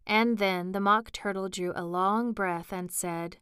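A woman narrating an audiobook storybook in a calm, even storytelling manner. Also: medium pitch, unhurried, clear, resonant tone, no echo, studio quality.

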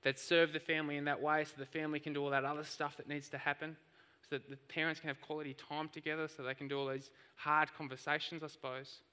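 A man preaching a sermon, telling stories in an animated, lively way. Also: on the high side, fast, clear, resonant tone, long reverb tail. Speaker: pastor.

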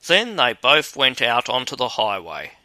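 Man reading a fairy tale, slow and steady, very bright voice, dry close sound. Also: mid-range voice, no echo, low-quality recording. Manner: steady, measured storytelling. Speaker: narrator.

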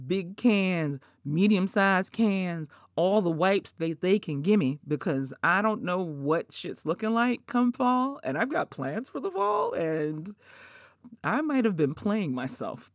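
A woman's voice: medium pitch, dry recording, studio quality. A woman in her forties hosting a podcast in casual chat, swearing freely, laughing often and putting on mock outrage. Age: 40s. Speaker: podcast host.

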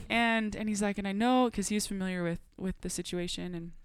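A young adult woman on a podcast telling a personal story in a casual, animated way. She laughs often and acts out the dialogue she quotes. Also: medium pitch, moderate pace, clean tone, dry recording. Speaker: podcast guest.

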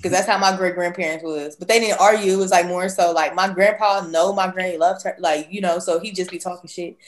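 A woman with a fairly low voice talks over a casual podcast chat. She makes her points emphatically, in loose everyday slang, and comes across as opinionated. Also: fairly even intonation, brisk. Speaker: podcast co-host.

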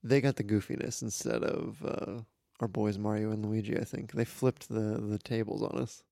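A man with a gravelly, mellow voice on a comedy podcast, adding wry, hesitant jokes to the conversation. The recording is dry and close to the mic. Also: on the low side, steady tone, normal speed, no room sound. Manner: wry and hesitant, admits he does not remember. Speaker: podcast co-host. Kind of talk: casual comedic movie review chat.

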